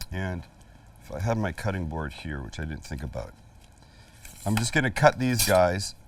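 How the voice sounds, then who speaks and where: Recorded far from the mic, this cooking show host has a lowish voice. He's a middle-aged man giving a chatty, jokey, emphatic cooking demonstration in an outdoor backyard kitchen.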